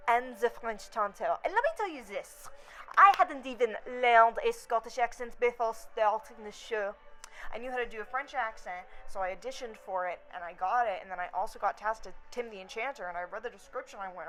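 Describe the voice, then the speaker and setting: A young woman vlogging, telling a story in a blunt, profane, animated rant. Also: on the high side, a little fast, poor audio. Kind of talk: casual rant to camera.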